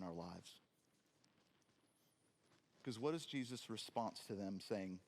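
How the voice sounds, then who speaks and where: A man preaching a sermon in a church, animated and acting out scenes in different voices with jokes for the congregation. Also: lowish voice, takes it slowly, pauses often. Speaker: pastor. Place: church sanctuary.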